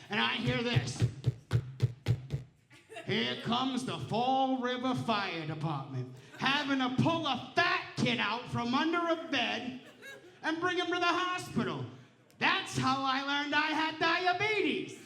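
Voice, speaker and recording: On a casino stage, a man performs a stand-up comedy set with a very high-pitched, bright, forceful voice. His storytelling is brash, profane, and punchy, and the recording carries the roomy sound of a casino showroom.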